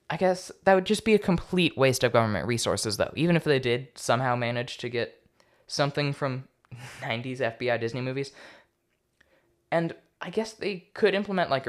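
A young man hosting a solo political commentary podcast, talking casually with a sarcastic edge. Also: medium pitch. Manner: casual, sarcastic, stumbles over foreign names. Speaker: podcast host.

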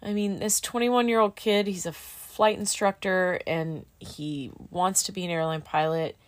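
A woman's voice: on the low side, fairly even intonation, a little slow. A middle-aged woman and student pilot in casual chat, candid and emotional, with plenty of fillers like "like" and "dude.".

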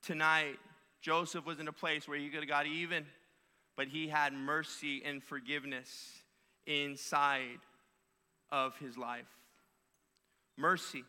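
Pastor, male, bright forceful preaching, repeats lines, big reverberant church sound. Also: on the high side, level tone, unhurried, smooth. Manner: emphatic preaching with repeated phrases. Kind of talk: sermon. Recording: long hall reverb.

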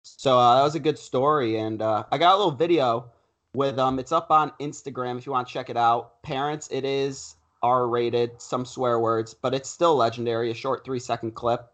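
A young man tells a story on a casual podcast, animated and acting out what people said. His voice sits in a middle pitch, plain and easygoing. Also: moderate pace. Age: young adult. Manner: animated storyteller, acts out quotes. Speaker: podcast co-host.

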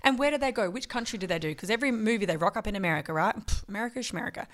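A woman's voice: medium pitch, lively intonation, racing, fairly bright tone. A woman co-hosting a podcast, chatting casually and laughing often as she speculates. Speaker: podcast co-host. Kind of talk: casual chat.

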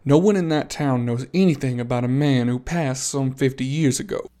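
A man voicing a weary, gruff older uncle who hunts monsters, in a tabletop game. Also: medium pitch, moderate pace, warm tone, natural voice. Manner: tired, gruff, worn-down.

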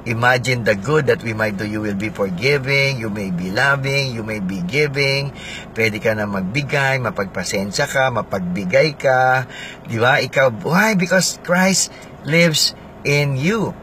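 A man's voice: medium pitch, moderate pace, sharp tone, a little hiss or hum. A man with a Filipino accent preaching a sermon, repeating phrases for emphasis and asking his listeners questions.

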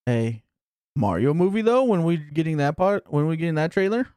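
A man's voice: a little high, animated, fairly quick, warm tone, clean tone, dry recording, clean studio sound. A young man co-hosting a casual podcast chat, blunt and teasing, swearing freely. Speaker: podcast co-host.

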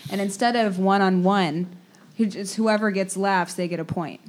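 A woman hosting a casual game among friends, playful and quick to laugh. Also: medium pitch, fairly even intonation. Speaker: host running a game. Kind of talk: casual chat.

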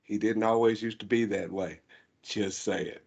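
A man's voice: lowish voice, steady tone, a little slow, a little mellow, slightly rough. A man with a Southern US accent, co-hosting a casual car podcast and rambling with playful teasing. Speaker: podcast co-host. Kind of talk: casual chat. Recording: dull lo-fi sound.

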